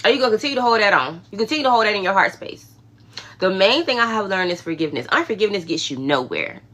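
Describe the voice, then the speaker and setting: A woman's voice: medium pitch, big pitch swings, quick pace, fairly bright tone. A woman hosting a livestream, giving a casual, emphatic faith talk with conversational asides. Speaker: livestream host.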